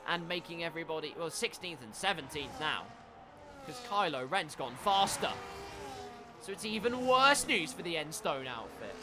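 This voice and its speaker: Man, sim race caller, high voice, excitable and jokey, noisy mix with engine sound under him. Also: normal speed. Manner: excitable, jokey, breaks into shouts. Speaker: sim racing commentator. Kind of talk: live esports race commentary.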